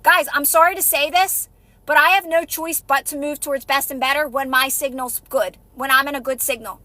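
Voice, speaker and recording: A woman's voice: high-pitched, fairly even intonation, fairly quick, bright, forceful tone, dry recording. A woman with children giving a motivational talk on a live stream, emphatic and repetitive, acting out little scenes as she goes. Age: adult with kids. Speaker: manifestation coach.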